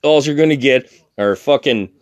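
A man who has been drinking rants in a heated, profane outburst, restarting his sentences and swearing constantly. His pitch sits in an ordinary middle range. The recording is dry and close, with no room sound. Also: normal speed, no echo. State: drunk. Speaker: thrift shop worker. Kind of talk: angry profane rant.

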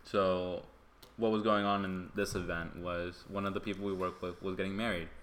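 A man spins a rambling story in relaxed podcast chat. His voice sits a little low but comes across bright and sharp. He leans on "like" and "you know" constantly. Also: moderate pace, slight background noise.

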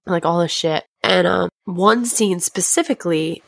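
A young woman telling a long story on a podcast in a rambling, filler-heavy, profane way. Her voice sits a little low for a woman. The sound is dry and close, recorded remotely. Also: a little slow, gravelly, a bit bright, no echo. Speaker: podcast co-host. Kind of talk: casual chat.

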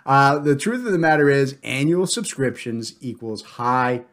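A middle-aged man hosting a podcast in casual chat, loud and joking with his co-host. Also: medium pitch, expressive, unhurried.

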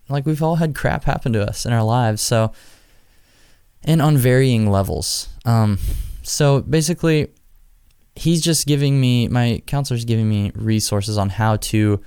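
A man's voice: medium pitch, mellow, smooth, no room sound, studio quality. A young man from Nebraska hosting his podcast alone, chatting casually in a rambling, jokey, self-deprecating way. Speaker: podcast host. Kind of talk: casual solo podcast chat.

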